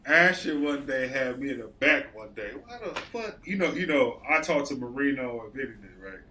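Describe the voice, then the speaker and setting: Man, late thirties, podcast co-host, casual swearing storyteller, mid pitch, faint noise behind. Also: lively intonation, normal speed, pushed and bright. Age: late 30s. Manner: storytelling, swears freely, acts out coworkers. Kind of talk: casual chat.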